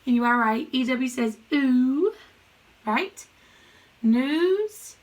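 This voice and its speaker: A woman teaching a phonics lesson to young children, slowly sounding out words and thinking aloud as she writes on a board. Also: high-pitched, a little hiss or hum, low-quality recording. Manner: slow, patient, sounds out words. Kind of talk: recorded classroom lesson.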